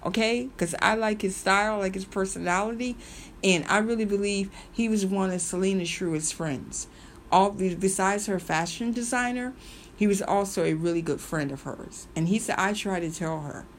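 A woman's voice: mid-range voice, moderate pace. Woman rambling thru a story for her viewers, lots of ums and repeats, gets real emphatic, faint noise behind. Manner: animated and emphatic, slips into mimicry. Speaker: video host. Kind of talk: casual storytelling commentary.

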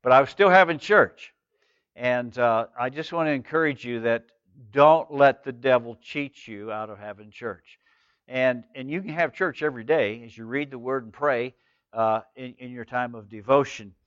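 A male pastor preaching a sermon with animated storytelling, calling on the congregation to answer back. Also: medium pitch, moderate pace, clean tone, no room sound, highs cut off.

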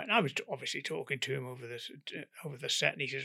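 Older British man, anecdotal guest, gravelly and bright, animated teller who acts out the dialogue. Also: medium pitch, rapid-fire. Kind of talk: anecdotal storytelling in an interview.

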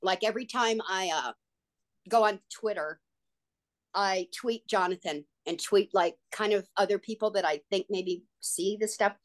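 A woman, an actress and guest on an interview show, telling stories in an excitable, gushing way. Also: mid-range voice, a little slow. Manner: excitable, gushing, frequent "like" and "oh my God". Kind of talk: casual interview storytelling.

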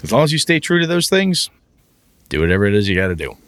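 A man chatting casually about running tabletop games, animated and profane, often acting out his players in a raised, excited voice. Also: lowish voice, fast, dry recording. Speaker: podcast co-host, game master.

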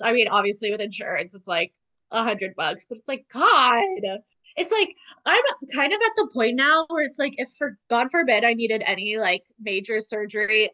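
A woman co-hosting a casual podcast, recapping a TV episode with sarcastic asides and quick acted-out lines of dialogue. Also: a little high. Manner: animated, sarcastic, acts out character lines. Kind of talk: casual chat.

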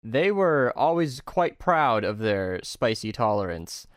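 A man's voice: mid-range voice, sing-song, slow pace, no echo, studio quality. A man hosting a livestream chat, talking casually and animatedly with a self-deprecating manner.

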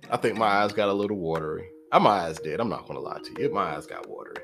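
A man's voice: low-pitched, expressive, fast, creaky. A man casually retelling a movie plot in a rambling, profane way, packed with fillers and acted-out character lines, with music underneath. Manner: rambling, profane, full of "like" and "you know"; acts out characters' lines mid-story. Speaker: film reviewer.

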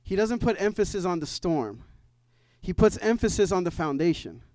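A man's voice: sits high, sing-song, moderate pace, a little mellow, dry recording, clean studio sound. A man giving a church testimony in a conversational way, full of fillers and restarts, building to emphatic preaching. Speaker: church member sharing a mission trip testimony.

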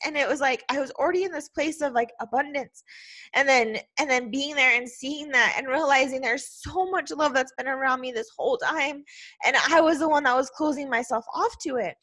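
A woman's voice: high voice, normal speed, a bit bright. A woman hosting a podcast, telling a personal story in a heartfelt, emotional way and saying "like" constantly. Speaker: podcast host.

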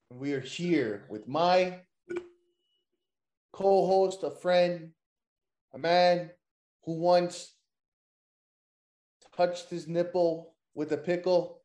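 A man hosts a casual wrestling podcast. His voice sits a little higher than most men's and rings in an echoey room. He jokes, curses freely and keeps the chat loose. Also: lively intonation, very slow, long pauses, dark tone. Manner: loose, joking, profane banter. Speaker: podcast host.

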